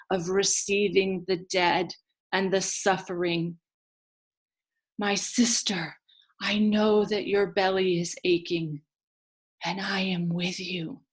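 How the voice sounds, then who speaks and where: A woman voicing tiny animated dirt beings who lament tenderly, in a soft, partly whispered voice as a whispered role-play. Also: lowish voice.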